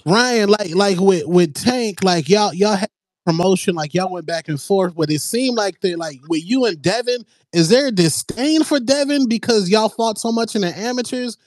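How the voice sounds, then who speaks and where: A man's voice: high-pitched, moderate pace, dry recording. A man interviewing in casual chat, asking loose, rambling questions full of "like".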